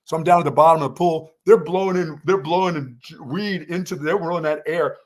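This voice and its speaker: A man's voice: fairly high pitch, brisk. An older man from North Carolina co-hosting a sports show, telling a long story in casual chat and raising his voice for the quoted lines.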